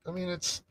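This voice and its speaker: A man's voice: fairly bright tone, slight background noise, low-quality recording. A man hosting a casual solo livestream, chatting in a rambling way with lots of restarts and trailing thoughts. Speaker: livestream host. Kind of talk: casual solo stream chat.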